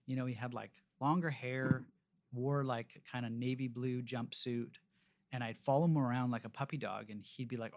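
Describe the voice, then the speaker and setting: Gravelly-voiced man telling rambling stories. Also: medium pitch, a little fast. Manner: rambling, animated anecdotes with frequent fillers and restarts. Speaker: restaurateur, podcast guest. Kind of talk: casual storytelling interview.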